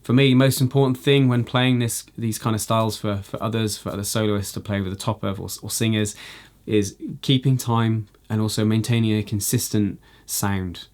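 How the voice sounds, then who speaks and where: A man teaching a jazz guitar lesson, explaining in a relaxed way with frequent "you know" fillers. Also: on the low side, normal speed, hardly any pauses. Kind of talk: instructional video lesson.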